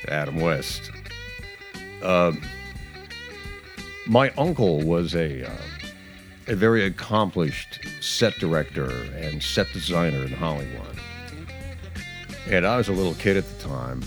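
Over music, a man with a low, expressive voice hosts a relaxed talk show, speaking a little slowly with long pauses. He's a radio or podcast host who tells rambling stories, often restarting his sentences and chuckling along the way.

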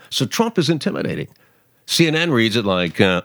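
A man's voice: medium pitch, big pitch swings, brisk, fairly bright tone, no echo. A man hosting a political commentary show, talking casually and sarcastically, often mocking other people's voices.

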